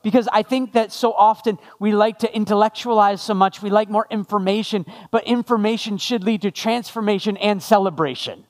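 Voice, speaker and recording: A man's voice: sits high, fairly even intonation, brisk, hardly any pauses. A male pastor giving a sermon after an opening prayer, conversational with jokey asides to the congregation.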